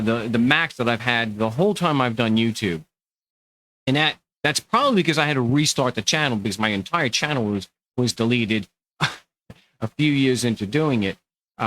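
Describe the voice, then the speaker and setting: A man's voice: medium pitch, slight background noise, rough recording. A middle-aged man with a Long Island New York accent, hosting his own channel in a rambling, sarcastic monologue. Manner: animated, sarcastic, rambling with restarts. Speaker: podcast host. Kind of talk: casual monologue to camera.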